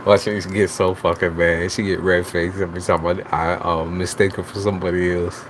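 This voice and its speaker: Hosting a live tarot stream, a tarot reader speaks at normal speed in a low, level voice and talks straight to his chat. He chats casually, teasing viewers and swearing freely. Heavy background noise runs under the recording.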